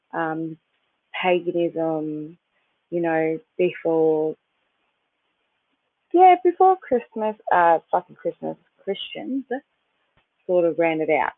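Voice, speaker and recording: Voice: mid-range voice, takes it slowly, pauses often, dry recording. A podcast host giving a casual, rambling spiritual talk that loses its thread and restarts, with the odd swear word. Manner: occasional swearing. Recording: dry, tinny phone-like sound.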